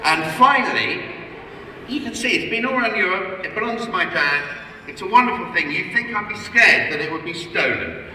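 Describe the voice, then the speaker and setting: A middle-aged man giving a rambling after-dinner comedy speech, self-mocking and stumbling, with deadpan asides. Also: high voice, brisk. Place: large hall at a gala dinner. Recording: echoey hall, heard from far off, audible room noise.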